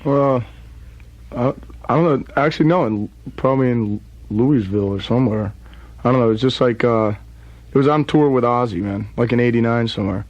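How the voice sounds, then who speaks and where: A man's voice: medium pitch, brisk, darkish tone, dry recording, muffled recording. A man from New Jersey with a Southern-tinged accent, talking as a guest in a casual radio interview in a laid-back, rambling way. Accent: Southern-tinged American. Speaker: guest rock musician. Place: radio studio.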